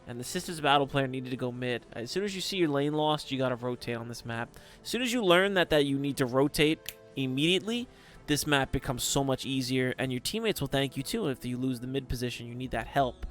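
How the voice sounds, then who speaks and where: A young man giving casual, rambling commentary on a strategy game, often breaking into excited exclamations. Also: medium pitch, a little fast, faint music behind. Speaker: game caster.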